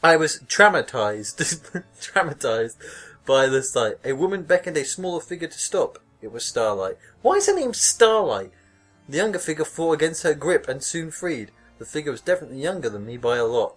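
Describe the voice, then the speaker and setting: A man's voice: fairly high pitch, big pitch swings, brisk, faint music behind. A young man hosting a podcast, reading a scary story aloud and mocking it with sarcastic, swear-filled asides and frequent laughter. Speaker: podcast host reading stories. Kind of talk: comedic reading with sarcastic commentary.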